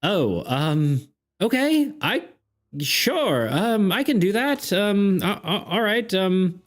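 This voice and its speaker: A man's voice: sits high, sing-song, slow pace, a little mellow, pitched above the performer's own voice, heavily acted. A man voicing a friendly woman wood carver in a raised voice with a wavering, shifting accent, hesitant and full of ums. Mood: flustered.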